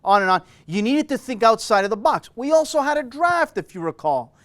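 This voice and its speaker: High, lively, passionate male host. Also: fairly quick, no echo. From Canada. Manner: passionate, emphatic opinions. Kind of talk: casual conversation.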